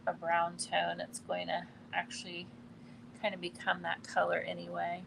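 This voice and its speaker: A woman doing a live painting demonstration, relaxed and thinking aloud as she works, often trailing off mid-sentence. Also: fairly low pitch, normal speed, vocal fry, slight background noise. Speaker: art instructor. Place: quiet indoor studio in a building.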